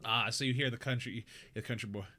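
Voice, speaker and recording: A man's voice: medium pitch, fairly even intonation, fast talker, sharp tone. A man hosting a live stream, chatting casually with a rambling, laughing manner. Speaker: streamer and show host.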